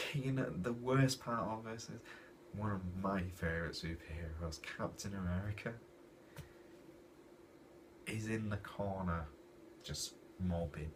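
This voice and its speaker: A deep-voiced man rants through a comic review in an animated, exasperated way. He sits back from the mic, and a clear hiss of noise runs under his voice. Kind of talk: casual comic review rant. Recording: distant mic with noisy background.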